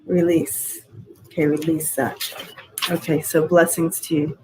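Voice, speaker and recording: A woman's voice: deep voice, little pitch movement, measured pace, noisy background. A woman giving channeled spiritual messages in a casual, rambling way, with restarts and the odd swear word. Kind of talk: casual spiritual reading on a group call.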